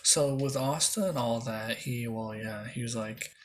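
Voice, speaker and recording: A man's voice: medium pitch, a little slow. A young man casually retelling a fan-made anime story in a rambling, slangy way, full of fillers and restarts. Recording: faint background noise.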